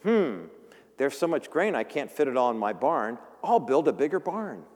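A man's voice: mid-range voice, sing-song, normal speed, a little mellow, long reverb tail. A man voicing a smug, self-satisfied rich farmer who boasts about his harvest. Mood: gloating. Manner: gloating, boastful.

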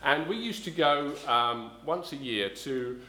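A man's voice: on the high side, expressive, unhurried, bright, forceful tone, echoey room. A middle-aged man from south-east London preaching a sermon, telling a rambling personal story with many ums and restarts. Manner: rambling, self-correcting storyteller, frequent ums.

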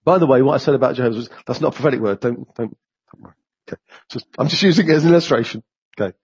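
A man preaching a sermon, animated and rising sharply in pitch whenever he voices complaints to God. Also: racing, breathy edge, dull audio.

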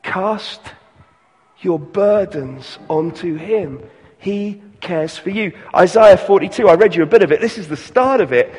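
Male pastor, earnest unhurried sermon delivery, bright-ish voice, church reverb. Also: high voice, expressive, breathy edge. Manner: earnest preaching, slows and softens on key lines.

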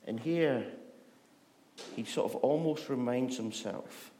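A man giving a relaxed, conversational sermon in a middle-pitched voice. He jokes with his listeners, then often sinks into a soft, near-hushed delivery. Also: takes it slowly, long pauses. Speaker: preacher.

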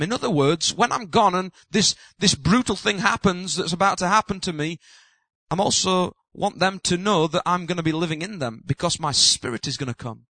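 A man, a pastor, preaching an impassioned sermon that builds to loud emphatic peaks and slows on key words. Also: sits high, dry recording.

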